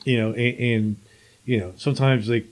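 A man's voice: mid-range voice, steady tone, moderate pace, a little mellow. A man hosting a casual interview, musing with many fillers and restarts. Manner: hesitant, filler-heavy musing.

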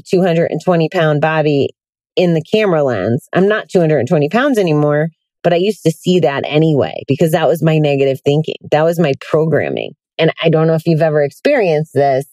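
Woman, low voice, tired, chatty podcast host, lots of fillers, dry sound, in a car. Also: darkish tone, no echo. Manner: chatty, candid, with many fillers. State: tired, yawning. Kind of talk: casual self-help podcast monologue. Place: sitting in a hot car.

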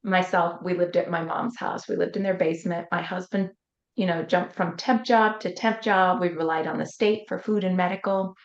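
This coach, appearing as a guest in an interview, speaks at a moderate pace in a fairly low, steady voice. She shares a personal story with earnest, vivid detail, performing the voices of the people she quotes, and the sound is roomy and a bit dull.

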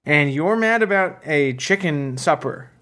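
A man's voice: fairly high pitch, lively intonation, unhurried, a bit bright. A man co-hosting a comedy podcast, speaking in a sarcastic, incredulous way. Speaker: podcast co-host.

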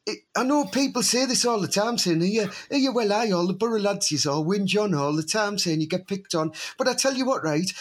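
A man's voice: high voice, breathy edge. A man co-hosting a podcast, ranting and swearing in rambling casual banter. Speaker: podcast co-host.

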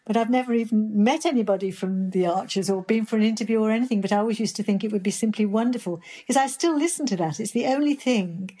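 A woman's voice: mid-range voice, quick pace, hardly any pauses, warm tone. An older woman from Birmingham, an actress being interviewed, answering in a chatty, enthusiastic way. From Birmingham, England. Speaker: actress guest.

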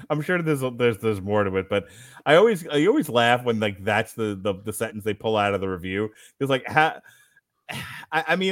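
A man's voice: medium pitch, fairly bright tone, no echo, studio quality. A man hosting a podcast movie review, reading critics' quotes with joking asides in casual chat. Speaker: podcast host.

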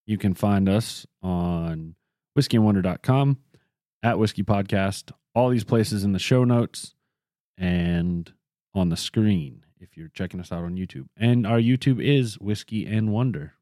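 A man's voice: on the low side, unhurried, mellow, no room sound, studio quality. A man co-hosting a casual podcast, chatty and a little rambling, poking fun at himself. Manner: chatty, rambling, self-deprecating. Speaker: podcast co-host. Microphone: studio podcast microphone.

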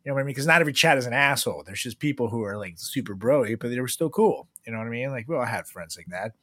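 Laid-back rambling man with a lively voice. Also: mid-range voice, rapid-fire, dry recording. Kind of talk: casual comedic chat.

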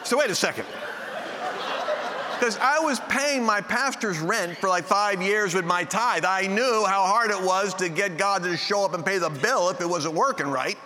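Man, preacher, storytelling sermon, animated, slightly high voice, faint room ambience. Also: moderate pace, in a large hall, noisy background. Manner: animated, acts out dialogue with sudden high-pitched outbursts. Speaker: preacher telling a personal story.

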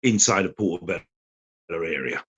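A guest on a podcast, this man rambles through casual chat and animatedly acts out quotes while telling stories. His voice is deep and slightly rough at a moderate pace. The recording is dull and lo-fi, with no room sound.

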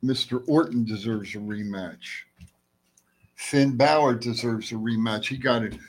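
A man with a raspy, husky voice talks bluntly as a podcast co-host. He states his opinions flatly and repeats his point for emphasis. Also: mid-range voice, unhurried, rough recording. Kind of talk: casual wrestling chat.

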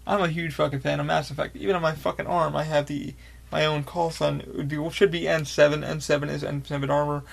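A man hosting a podcast, telling a rambling, excitable story with lots of swearing and fillers. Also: a little high, fast talker, creaky, hardly any pauses. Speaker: podcast host. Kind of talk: casual storytelling.

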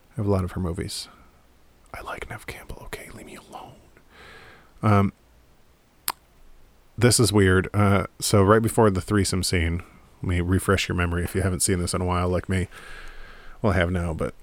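A man with a low-pitched voice and no room sound chats about a movie to camera, sitting at home in front of a DVD rack. He's a movie commentator whose talk is casual and irreverent, rambling along with frequent swearing and laughter.

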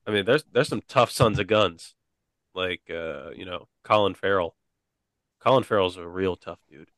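Young man, low-pitched, laid-back podcast chat, dry close mic. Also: normal speed, fairly bright tone, no echo. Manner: laid-back, says "like" and "dude" often. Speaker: podcast co-host. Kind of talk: casual chat.

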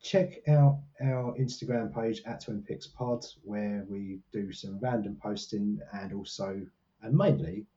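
A man's voice: lowish voice, unhurried, warm tone, dull audio. A man co-hosting a podcast in casual, jokey, self-mocking chat from a small hot room. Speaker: podcast co-host.

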